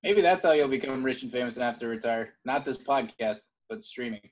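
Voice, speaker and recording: A young man in easy podcast chat who wanders through his stories, restarting his sentences and laughing along the way. His voice sits at an ordinary middle pitch. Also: fairly quick. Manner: rambling, many fillers and restarts, laughs often. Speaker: podcast co-host. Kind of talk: casual chat.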